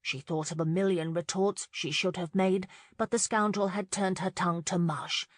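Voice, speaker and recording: A woman narrating a romance audiobook in a measured, scripted style on a studio mic. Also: lowish voice, fairly even intonation, no echo.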